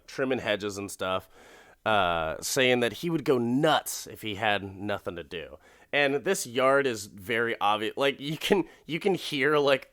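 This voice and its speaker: A man's voice: on the low side, a bit bright, clean tone, dry recording, clean studio sound. A man hosting a podcast who recaps an episode in a rambling, profane way and laughs often. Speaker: podcast host.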